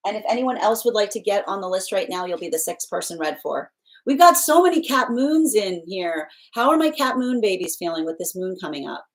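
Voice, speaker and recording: A young adult woman hosts a tarot livestream, chatting casually with viewers, laughing often and restarting her sentences many times. Her medium-pitched voice has lively intonation and runs a little fast.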